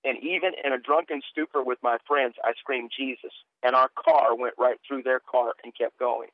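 Middle-aged preacher on a tinny phone line. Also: male voice, medium pitch, steady tone, normal speed, no room sound. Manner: earnest, repeats words when starting sentences. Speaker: guest preacher. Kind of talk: personal testimony storytelling.

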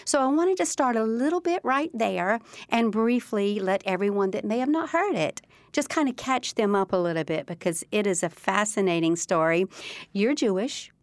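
A woman's voice: mid-range voice, lively intonation, moderate pace, no room sound. Woman, middle-aged, podcast host, effusive, enthusiastic, dry sound. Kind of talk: hosting a faith podcast.

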